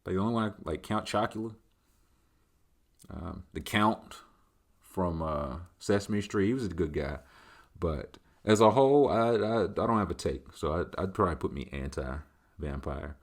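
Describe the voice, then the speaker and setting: A man's voice: low voice, animated, normal speed. A man hosting a casual solo chat, answering listener questions in a loose, rambling way. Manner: loose, rambling, conversational, leaning on filler tags. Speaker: host.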